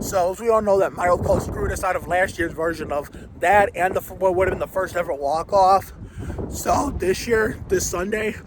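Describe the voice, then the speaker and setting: A man with a sore throat and a raspy edge talks to his vlog audience in a loose, rambling way, often restarting his sentences. His voice sits fairly high for a man. He is recording outdoors, with clear wind and traffic noise behind him. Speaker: vlogger. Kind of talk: casual vlog talk.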